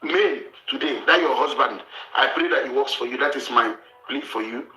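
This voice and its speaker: A man's voice: medium pitch, normal speed, roomy sound, low-quality recording. A man from Africa hosting a show, giving blunt, lecturing relationship advice and repeating his points. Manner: forceful, lecturing, repeats himself.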